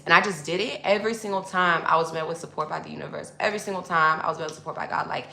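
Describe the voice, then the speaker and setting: Woman spiritual coach, casual teaching to camera with a slightly low voice and a room echo. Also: very fast, gravelly, hardly any pauses, pushed and bright. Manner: loose and conversational, full of fillers, addresses viewers as y'all. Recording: echoey room.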